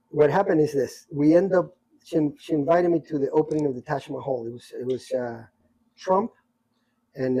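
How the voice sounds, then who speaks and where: A middle-aged man tells stories from his life in a casual chat, animated and repeating himself as he acts out what people said. His voice is a little high with a breathy edge, and the recording is rough.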